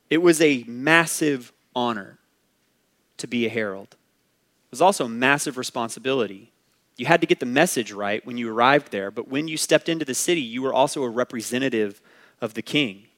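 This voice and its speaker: A man preaching a sermon, reading scripture and explaining it, with emphatic rises and quiet asides. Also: medium pitch. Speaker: pastor.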